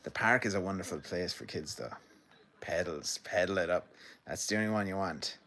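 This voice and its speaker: A deep-voiced Irish man hosts a casual live stream, chatting loosely with his viewers as he reads their comments. He rambles, swears freely and laughs along. His pitch sits low and steady. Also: normal speed. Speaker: livestream host.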